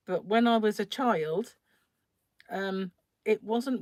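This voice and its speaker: A woman's voice: medium pitch, takes it slowly, darkish tone, no room sound, clean studio sound. Chatty woman live-streaming crochet. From England, North London. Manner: chatty, laughs often, greets viewers by name. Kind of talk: casual live-stream chat.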